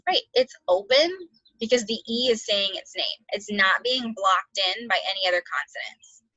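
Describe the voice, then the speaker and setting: A woman teacher giving a phonics lesson to second graders, slowly sounding out words and spelling letters aloud. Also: mid-range voice, pushed and bright, no echo, lo-fi sound.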